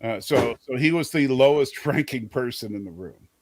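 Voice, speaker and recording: A man's voice: medium pitch, lively intonation, moderate pace, no room sound. A man hosting a livestream and chatting casually about a show, teasing his co-host and stumbling over restarts. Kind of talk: casual show discussion with chat.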